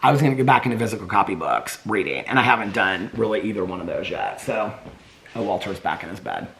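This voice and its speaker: A man's voice: on the low side, lively intonation, quick pace, creaky, a bit bright, slight background noise. A man vlogging at home in a casual, rambling chat. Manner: chatty, rambling, baby-talks to his dogs.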